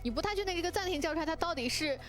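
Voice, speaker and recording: A woman commentating a live esports match in a high, quick voice, breaking the play down analytically. Faint music sits beneath her broadcast commentary. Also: expressive.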